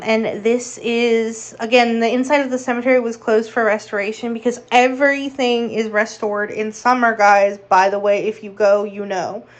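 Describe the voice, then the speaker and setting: A woman talks through her travel vlog in a chatty, upbeat way, tossing in playful asides. Her voice sits a little higher than most. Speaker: vlogger. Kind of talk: casual travel vlog narration.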